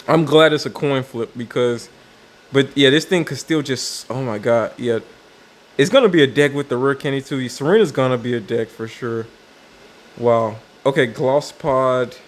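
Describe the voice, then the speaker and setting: A man's voice: mid-range voice, measured pace. Man thinking aloud over new cards. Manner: thinking aloud with many fillers and restarts. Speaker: card game video creator. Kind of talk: casual commentary on card reviews.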